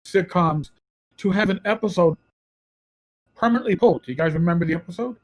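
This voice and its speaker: High-voiced man telling profane stories. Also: brisk, low-quality recording. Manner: animated, profane storyteller. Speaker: podcast guest, former police officer. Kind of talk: casual podcast chat.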